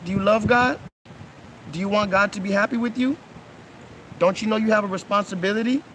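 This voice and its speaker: High-pitched man, thirties, earnest coaxing tone, live-streaming by a pool on a phone, faint noise behind. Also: fairly quick, fairly bright tone. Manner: earnest, coaxing, keeps asking "okay?" and "right?". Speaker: livestream host. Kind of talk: casual live-stream talk with kids. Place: outdoors by a pool.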